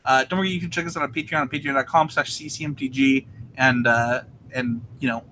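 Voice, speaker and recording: A man's voice: medium pitch, fairly even intonation, quick pace, sharp tone, a little hiss or hum. A man hosting a live podcast, winded and nervous, reading sponsor spots with lots of fillers. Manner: nervous, filler-heavy, laughing. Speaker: podcast host.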